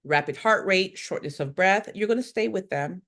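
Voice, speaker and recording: A middle-aged woman instructor with a bright, ringing voice teaches a live exam-review session for nurses. She is lively and emphatic, stretching out key words and firing questions at her class before answering them herself. Her pitch sits in an ordinary middle range. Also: normal speed. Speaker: nursing instructor.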